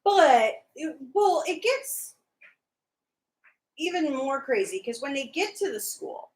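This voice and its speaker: A woman's voice: sits high, sing-song, slow, roomy sound, poor audio. A woman co-hosting a casual chat about a TV show, teasing and arguing her point. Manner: teasing, argumentative. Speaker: podcast co-host.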